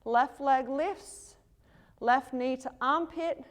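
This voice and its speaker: A woman teaching a yoga class, calmly cueing poses and breaths while moving, breathing heavily herself. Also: sits high, takes it slowly. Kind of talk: guiding a yoga flow.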